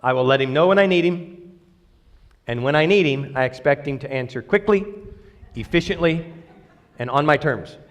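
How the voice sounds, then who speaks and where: A man preaching a sermon in a church, talking in a lively, conversational way and joking with the congregation. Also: fairly high pitch, moderate pace, pauses often, big-room sound, highs cut off. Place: church sanctuary.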